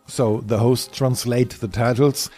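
A man narrates a documentary in a warm, mellow voice. His delivery is measured with a light wry edge. Faint music sits softly in the background. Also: mid-range voice, fairly even intonation. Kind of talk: scripted narration.

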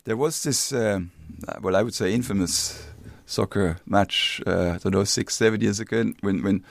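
A man's voice: fairly low pitch, moderate pace, creaky, no room sound. A German man in his fifties with a German accent, chatting as an interview guest, friendly and thoughtful, repeating words as he searches for them. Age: 50s. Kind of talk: casual interview chat.

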